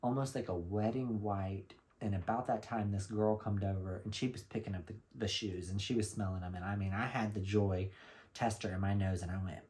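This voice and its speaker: A man from Florida telling a lively, gossipy shopping story in a casual vlog, with blunt slang. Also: fairly low pitch, fairly quick. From Florida, USA. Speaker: vlogger.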